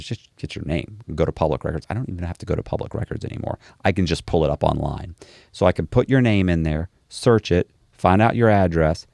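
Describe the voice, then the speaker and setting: Here an interview guest speaks low with some vocal fry, captured at studio quality without any room sound. He tells a lengthy, relaxed tale and performs the dialogue of each character he mentions.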